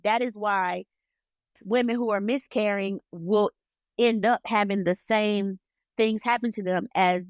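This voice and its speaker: A woman in her thirties co-hosting a podcast, telling a personal story in an emphatic, animated way. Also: medium pitch, no echo. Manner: animated, emphatic, acts out dialogue. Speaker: podcast co-host. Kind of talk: personal storytelling in casual chat.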